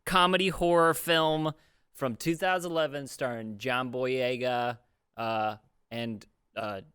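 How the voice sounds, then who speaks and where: A man's voice: medium pitch, fairly even intonation, takes it slowly, a bit bright, clear, resonant tone, no room sound, clean studio sound. A young man hosting a film podcast, upbeat and jokey, steering the conversation. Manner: upbeat, jokey, leads the talk. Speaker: podcast host. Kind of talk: casual film review chat.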